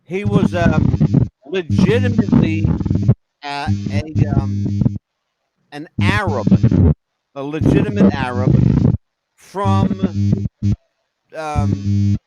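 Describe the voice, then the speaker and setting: A man's voice: a little high, big pitch swings, takes it slowly, long pauses. A man hosting a podcast in casual chat, emphatic and opinionated, repeating his points for effect. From New Jersey. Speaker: podcast host. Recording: dull lo-fi audio with loud music behind.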